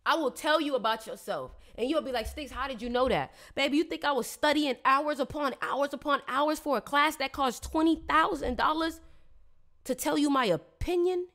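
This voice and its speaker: A woman's voice: sits high, moderate pace, fairly bright tone. A woman on a casual live stream, reading viewers' astrology in a chatty, playful, slangy way and teasing her audience.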